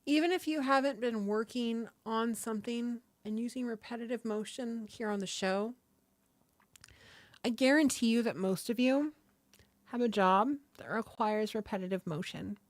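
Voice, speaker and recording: Sitting at a table near a desk microphone, a woman hosts a laid-back livestream of stretches, swearing casually and welcoming chat members by name. Her voice is a little high and unhurried at a normal speed, with no room sound.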